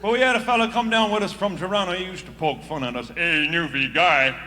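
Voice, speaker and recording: A man's voice: high voice, sing-song, fast, fairly bright tone. Man, Newfoundland accent, folksy comic storyteller, live hall echo, audience noise. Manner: chatty, folksy, laughs at his own jokes. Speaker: comedian. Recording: live stage recording in an echoey hall. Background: audience laughter and crowd noise.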